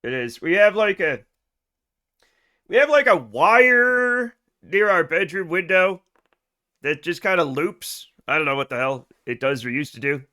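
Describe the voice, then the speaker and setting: A man's voice: a little high, expressive, a little slow, pushed and bright, clear, resonant tone. An American man live streaming a game, chatting with his viewers in a rambling, profane and self-mocking way. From United States. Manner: rambling, profane and self-deprecating, with frequent restarts. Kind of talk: casual rambling chat with viewers.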